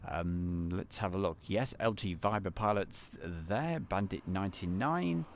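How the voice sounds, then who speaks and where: A man's voice: deep voice, very animated, moderate pace, few pauses, a bit bright, slight background noise. A man hosting a live stream from an editing van, chatting and greeting viewers by name. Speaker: livestream host.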